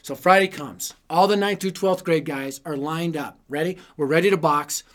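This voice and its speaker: Man, higher voice, youth preacher, funny self-deprecating storyteller, punchy timing. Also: moderate pace, fairly bright tone. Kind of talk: humorous storytelling sermon.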